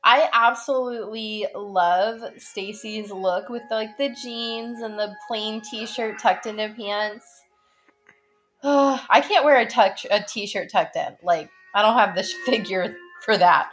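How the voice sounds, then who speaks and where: A woman's voice: medium pitch, takes it slowly, a bit bright, faint music behind. A woman chatting casually and teasing as she comments on a film with her sister. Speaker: podcast co-host.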